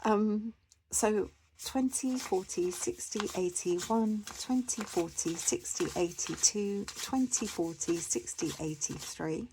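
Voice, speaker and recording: A woman's voice: lowish voice, measured pace, few pauses, warm tone, slight background noise. A woman chatting casually to camera as a budgeting vlogger, rambling with lots of fillers and restarts.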